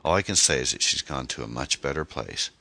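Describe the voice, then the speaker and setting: A man's voice: very deep voice, animated, a little fast, vocal fry, heavily acted. A man voicing a sympathetic woman friend on the phone as he reads a novel aloud. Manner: sympathetic, gentle.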